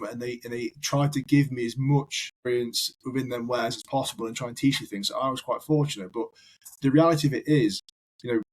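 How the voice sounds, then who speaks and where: A man's voice: mid-range voice, darkish tone, rough recording. A man, a firefighter guest on a podcast, telling long rambling anecdotes in casual chat. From United Kingdom. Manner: rambling anecdotal storyteller, repeats words.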